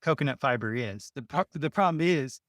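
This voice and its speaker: This man, a builder guest on an interview, speaks briskly with lively intonation and a fairly bright tone at medium pitch. He rambles through a casual story, restarting often and laughing briefly between phrases. The sound is dry, studio-quality.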